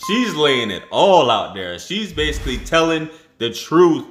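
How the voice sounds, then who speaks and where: A man's voice: on the high side, sing-song, a little slow, fairly bright tone, faint music behind. A man hosting a casual reaction commentary, blunt and talking directly to his male viewers. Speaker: commentator and host. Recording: roomy echo.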